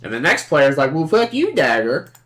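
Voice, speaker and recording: A woman's voice: low-pitched, sing-song, normal speed, a bit bright. A woman streamer giving casual commentary on a card game, playful and sarcastic, acting out both sides of the table and swearing freely.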